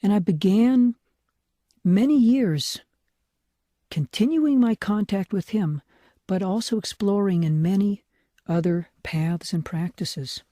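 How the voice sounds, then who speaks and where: An older man, a rabbi, telling a personal spiritual story in a soft, reflective way, often dropping to a hushed whisper. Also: high-pitched, takes it slowly, no echo, studio quality. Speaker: rabbi teaching.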